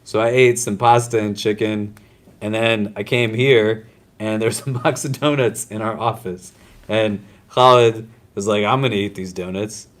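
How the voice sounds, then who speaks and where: Low-voiced man teaching a live class. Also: steady tone, measured pace. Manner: conversational, keeps checking in with the class. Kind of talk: casual classroom lecture.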